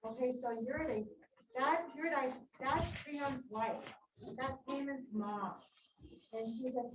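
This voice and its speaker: A woman's voice: high voice, a little slow, background noise. A woman teacher explaining a play to her class in a casual, chatty way, retelling the scenes with fillers. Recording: echoey room, far from mic.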